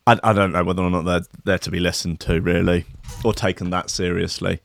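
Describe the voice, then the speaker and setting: A man's voice: sits low, flat delivery, brisk, creaky, dry recording, clean studio sound. A man giving casual, sardonic commentary, full of crude asides and hesitant fillers. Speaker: streamer reacting to news clips and music.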